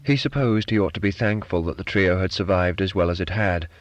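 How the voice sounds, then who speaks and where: Man narrating literary fiction, measured and even; lowish voice, dry, slightly muffled recording. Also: no echo. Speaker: audiobook narrator.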